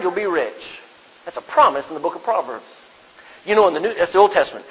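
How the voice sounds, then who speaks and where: A man's voice: high-pitched, big pitch swings, a little fast, pauses often, a bit bright, breathy edge. A man preaching a sermon in a conversational way, quoting scripture and putting questions to the congregation. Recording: long reverb of a large hall.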